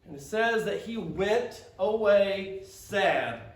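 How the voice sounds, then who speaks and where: A man's voice: sits high, lively intonation, slow pace, recorded from a distance. A man preaching a conversational sermon as pastor, with frequent stammered restarts and quotes acted out in character. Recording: roomy sound from off-mic.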